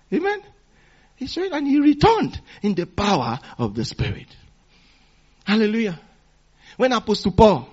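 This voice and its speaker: Delivering a call-and-response sermon, a high-voiced, husky preacher repeats phrases to stress them, alternating loud exhortation with quieter teaching. The recording sounds muffled.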